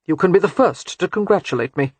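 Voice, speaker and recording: Narrator doing a cold, bitter gentleman. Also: high voice, lively intonation, fast talker, slightly rough, no echo. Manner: cold, hard.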